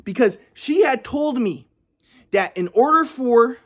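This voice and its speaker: A man's voice: very high voice, lively intonation, unhurried. A man telling a personal story in an agitated, defensive monologue, swearing often and restarting his sentences.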